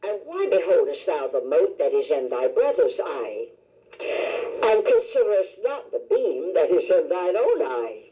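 Lower-voiced woman reading scripture, lo-fi. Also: sing-song, a little slow. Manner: reads old-style scripture with rising and falling pitch. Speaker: scripture reader. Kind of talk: reading Bible verses aloud. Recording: dull lo-fi sound.

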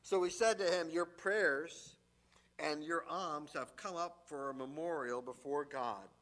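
A man's voice: on the high side, unhurried, fairly bright tone. A man preaching a sermon, reading scripture aloud and breaking off into joking asides, growing emphatic as he makes his points. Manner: reads scripture then adds joking asides. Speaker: pastor.

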